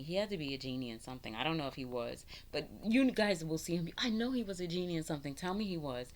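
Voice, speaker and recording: A woman in her thirties giving a casual spiritual vlog monologue, animated and preachy, firing rhetorical questions and laughing often. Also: on the low side, slight background noise. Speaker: spiritual vlogger.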